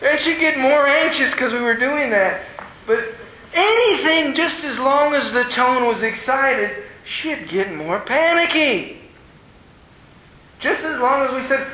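A man's voice: animated, unhurried, bright, forceful tone. A man preaching a conversational sermon, telling stories with animation and playful asides to his listeners. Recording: echoey room with faint rumble.

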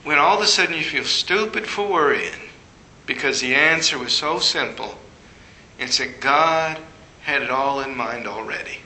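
Bright-voiced man preaching in an echoey room. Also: lively intonation, moderate pace, slight background noise. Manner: storytelling, rising high when acting out his past self. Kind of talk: sermon.

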